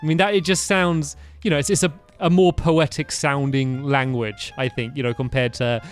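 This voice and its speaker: A man's voice: on the high side, moderate pace, clear, resonant tone. A man co-hosting a podcast, chatting casually with hesitant restarts. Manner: hesitant, laughs often, lively. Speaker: podcast co-host. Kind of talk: casual chat. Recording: faint music behind.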